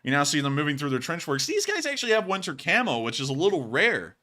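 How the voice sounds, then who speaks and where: A man's voice: fairly high pitch, wildly swooping pitch, sharp tone. A man hosting a commentary show, talking casually over video clips in a joking, sarcastic way. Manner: joking, sarcastic, quick to laugh. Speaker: host of a war footage commentary show.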